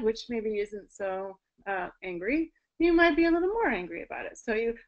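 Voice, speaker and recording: Speaking at a normal speed with lively intonation, this woman has a voice on the high side, though the recording is muffled. She's a voice teacher on a video call explaining singing technique in an online presentation, using sung and spoken demonstrations.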